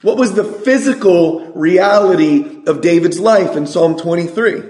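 A man from California preaching a sermon, asking the congregation questions and reciting scripture slowly. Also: sits high, a little mellow, reverberant. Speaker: pastor.

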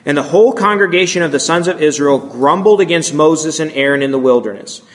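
A man's voice: a little high, a little fast. A man giving a sermon, reading scripture and voicing the complaints with rising emphasis. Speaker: preacher.

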